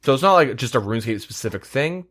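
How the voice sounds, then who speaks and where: A man's voice: medium pitch, expressive, quick pace, fairly bright tone. A man hosting a podcast in casual chat, rambling with lots of fillers and casual swearing. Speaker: podcast host.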